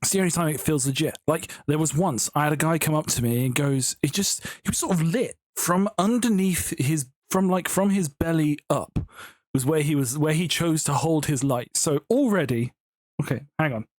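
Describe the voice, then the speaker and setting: Recorded dry and clean in a studio, a man with a higher voice talks at a moderate pace. He builds in Minecraft at home for his YouTube channel, chatting and meandering through stories with frequent giggles.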